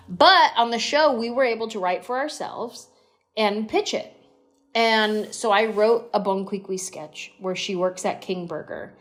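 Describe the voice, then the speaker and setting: Animated woman comedian telling stories. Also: mid-range voice. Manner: animated storyteller, slips into quick impressions. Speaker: comedian guest. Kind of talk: storytelling podcast interview.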